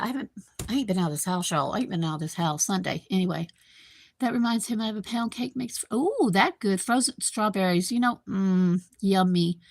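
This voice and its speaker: A woman's voice: mid-range voice, no echo. A woman, rambling casually as she hosts a live stream from her home kitchen and chats with viewers by name. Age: 50s. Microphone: computer microphone.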